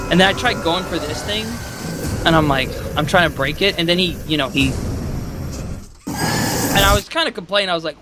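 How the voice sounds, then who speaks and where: A man casually recapping a game he played, rambling and swearing, acting out his own thoughts with loud outbursts, with loud music behind. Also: high-pitched, a little fast, very noisy. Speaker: gaming video host.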